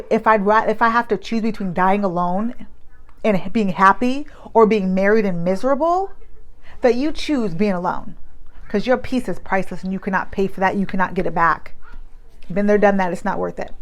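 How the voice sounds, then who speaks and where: Woman, 30s, casual vlog advice, emphatic and chatty, frequent restarts. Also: medium pitch. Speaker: vlogger giving advice. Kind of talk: casual talk to camera.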